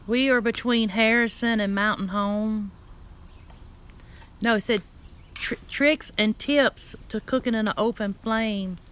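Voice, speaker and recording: A woman's voice: fairly high pitch, fairly even intonation, a little slow, fairly bright tone. Chatty older woman reading comments. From Louisiana. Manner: chatty, folksy, reads viewer greetings aloud. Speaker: live-stream host reading comments. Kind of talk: casual live-stream chat.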